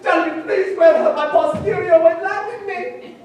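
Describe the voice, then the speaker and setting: A young man acting as a boastful long-nosed swordsman putting on a raving act, his high voice swooping wildly as he declaims. It is a school stage play caught from far back in a very echoey hall, with faint music underneath. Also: big pitch swings, measured pace, muffled recording. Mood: manic, theatrical. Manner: loud, wildly theatrical, booming declamation. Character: Cyrano, boastful long-nosed man playing a madman from the moon. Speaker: stage actor. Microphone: far room microphone.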